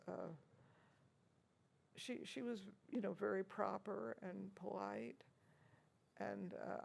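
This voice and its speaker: In a reminiscing interview, an older American organist and teacher recounts anecdotes with a chuckle, often restarting hesitantly. Her mid-range voice is creaky, a little mellow, and slightly rough.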